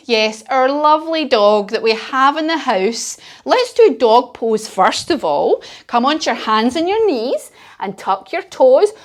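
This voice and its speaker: A woman guides children through yoga poses in a high, lively voice. She spins a playful story and praises the little ones warmly as they go. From United Kingdom. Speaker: kids yoga instructor. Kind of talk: children's yoga class instruction.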